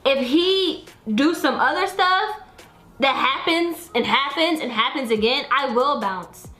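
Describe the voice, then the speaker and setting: A woman's voice: high voice, lively intonation, a little slow, sharp tone. A young woman and mother talking earnestly on a casual vlog, defending herself and holding back tears. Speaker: YouTuber, mother of three. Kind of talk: emotional casual vlog talk. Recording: echoey room with faint music.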